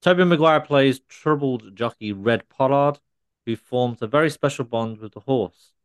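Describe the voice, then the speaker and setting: A man's voice: mid-range voice, normal speed, clean tone, no room sound. A man co-hosting a casual podcast chat, often laughing as he tells stories. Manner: laughing while recounting a story. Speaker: podcast co-host.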